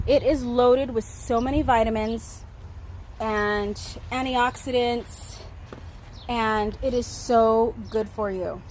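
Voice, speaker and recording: A woman giving a casual garden tour vlog outdoors, chatty and excitable, laughing often as she talks into a handheld phone. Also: fairly high pitch, a little hiss or hum. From Southern California. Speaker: garden vlogger.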